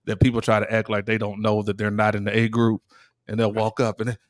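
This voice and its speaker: A man's voice: fairly low pitch, completely flat delivery, no room sound, clean studio sound. A man co-hosting a podcast in casual chat, telling stories with frequent restarts and laughter. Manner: laughing, halting storytelling with many restarts. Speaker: podcast co-host.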